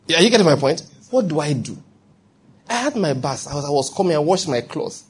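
A male pastor delivers a lively sermon in a fairly high, husky voice. He swings between emphatic preaching and playful acted-out voices, often asking the congregation whether they follow. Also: brisk. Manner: animated preaching, acting out quoted voices, checking in with the congregation.

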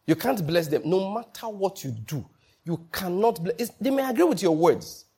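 A man's voice: high voice, very animated, normal speed, creaky, warm tone, slightly rough. A man preaching a sermon, acting out quoted people and breaking into laughter between points. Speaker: pastor.

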